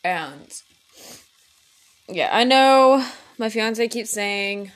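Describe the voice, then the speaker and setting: A woman's voice: a little high, animated, drawn-out words, pauses often. A young woman hosting her own podcast, rambling casually with lots of fillers, restarts and swearing. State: headache, distracted while playing a game. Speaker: podcast host. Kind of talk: casual chat.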